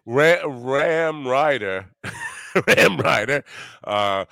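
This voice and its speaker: A man's voice: medium pitch, expressive, very slow, creaky, pushed and bright, no echo. Podcast host guy rambling, laughs a lot, swears some, dry close mic. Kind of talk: casual chat.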